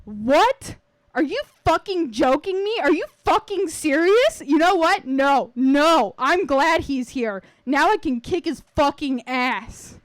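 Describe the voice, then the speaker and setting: A woman's voice: high voice, expressive, slow, few pauses, no echo. Woman playing a screaming, furious sister. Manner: screaming, cursing, sarcastic. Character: furious foul-mouthed young adult sister.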